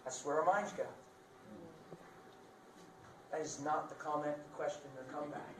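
A man preaching a sermon with dramatic swings between loud bursts and hushed lines, playful and laughing at himself now and then. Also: a little high, moderate pace, noisy background. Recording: roomy sound picked up from a distance.

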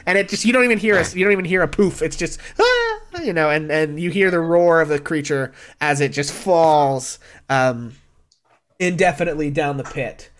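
Male game master, slightly high voice, loose narrating with lots of ums. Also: a little fast, a little hiss or hum. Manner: relaxed, with frequent fillers.

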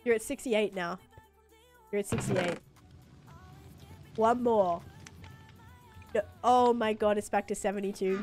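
A woman's voice: mid-range voice, steady tone, a little slow, pauses often, darkish tone, faint music behind. A young woman streaming a game live, chatting casually and giggling often, with lots of fillers. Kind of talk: casual live-stream chat while gaming.

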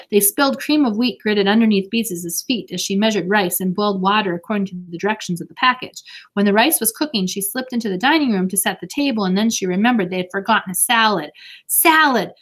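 A woman reads a children's chapter book aloud in a steady, expressive narrating voice. Her pitch sits in the middle range for a woman. The delivery is clear and well paced. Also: quick pace. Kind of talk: storybook read-aloud.

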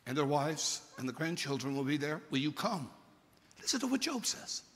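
A man preaching a sermon, retelling a story theatrically, swinging between shouted peaks and hushed lows. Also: sing-song, moderate pace, slight background noise. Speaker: pastor. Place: large church sanctuary. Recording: long hall reverb from a church service.

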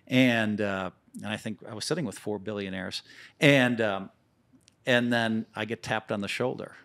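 Animated man telling stories on a podcast. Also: fairly low pitch, normal speed, creaky. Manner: animated, profane, repeats words as he restarts. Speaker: poker player guest. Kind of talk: casual storytelling.

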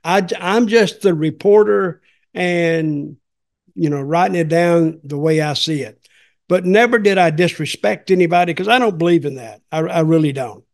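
Gravelly older man telling rambling stories. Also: fairly high pitch, moderate pace. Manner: rambling, folksy, repeats himself. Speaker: podcast host. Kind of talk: casual storytelling chat.

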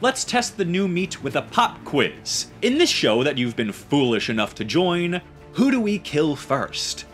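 A man's voice: a little high, big pitch swings, soft background music, voice pushed up. A man putting on a taunting clown ringmaster villain. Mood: mocking menace. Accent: Brooklyn. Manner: showy, taunting, drawn-out delivery. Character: gleeful, menacing male clown villain as ringmaster.

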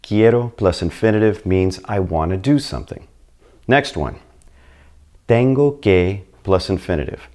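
A man's voice: deep voice, animated, unhurried, darkish tone. A man whose first language is English, teaching beginners in an upbeat video lesson and speaking straight to the learner. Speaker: Spanish teacher.

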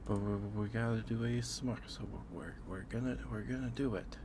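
On his ASMR livestream, a man chats casually and fondly greets viewers, slightly out of breath from a full stomach, halting and repeating himself. His pitch is fairly low, and there's background noise.

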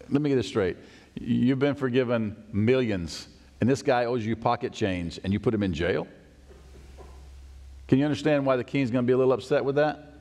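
Preaching man in a reverberant church. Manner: expressive, acts out quoted voices with rising pitch. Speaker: pastor. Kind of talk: sermon. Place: church sanctuary. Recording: long church hall reverb.

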